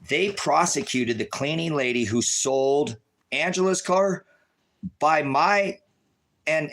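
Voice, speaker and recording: A stressed man rambles through an agitated rant on a live stream, lurching between loud outbursts and low muttering.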